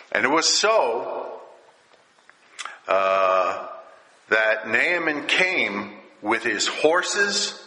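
A man preaching a sermon, reading scripture aloud and explaining it in a slow, drawn-out way, often lifting his voice when he quotes a character. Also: medium pitch, pushed and bright. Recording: roomy hall with long reverb.

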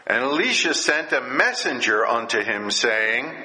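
Man preacher, unhurried sermon delivery with fillers, bright edgy tone, recorded in a reverberant hall. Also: mid-range voice, lively intonation. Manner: slow, drawn-out delivery with fillers, raising his voice for quoted characters. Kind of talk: sermon, reading and explaining scripture. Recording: roomy hall with long reverb.

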